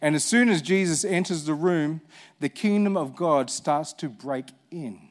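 A man with a high-pitched voice preaches a sermon. He talks animatedly and with emphasis, and repeats phrases for effect. He reads scripture aloud in a lower, quieter register. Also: measured pace.

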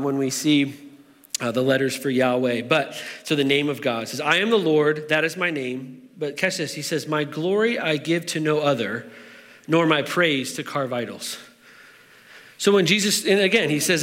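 A man's voice: on the high side, a bit bright. Conversational man preaching in a hall. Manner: conversational, with fillers and restarts. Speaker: pastor. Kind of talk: sermon.

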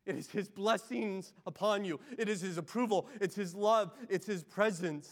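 A man preaching a sermon as pastor, moving between loud pleading passages and hushed, intimate ones. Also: sits high, moderate pace.

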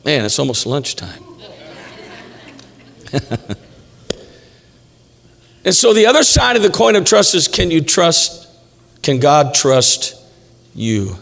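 A male pastor gives an emphatic, repetitive sermon with jokes in a church sanctuary, captured in a reverberant hall. His voice is on the high side and a bit bright, sing-song and slow, with vocal fry and frequent pauses.

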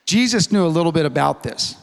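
A pastor preaching a relaxed, funny sermon to his church, telling stories and voicing the people in them. His voice sits a little high for a man. The sound rings with the long reverb of a large hall. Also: fast talker, creaky, smooth. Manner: animated storytelling with acted-out dialogue; conversational and humorous.

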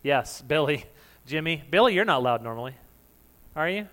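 Loud, high-voiced male preacher. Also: animated, moderate pace. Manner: conversational, jokes with the congregation and laughs often; says of himself that he is loud. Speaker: pastor. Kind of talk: sermon.

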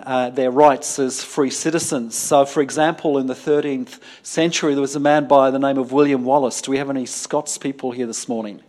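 A man's voice: medium pitch, a little mellow. A man preaching a sermon to a congregation, hesitant with frequent ums and restarts, breaking off for joking asides with the listeners. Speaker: pastor. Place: church service before a congregation.

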